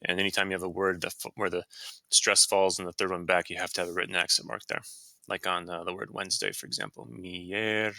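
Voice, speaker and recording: A man teaching a Spanish grammar lesson, explaining casually with fillers and quick self-corrections. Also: low-pitched, level tone, vocal fry, sharp tone, no echo. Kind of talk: screen-recorded grammar lesson.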